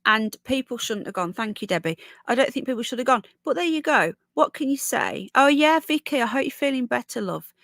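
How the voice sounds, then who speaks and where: A woman's voice: on the high side, expressive, fairly quick, vocal fry, hardly any pauses, a bit bright, dry recording. A woman hosting a casual livestream, with a sore throat, chatting opinionatedly and reading out viewer comments. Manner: chatty, opinionated, rambling with restarts. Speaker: livestream host.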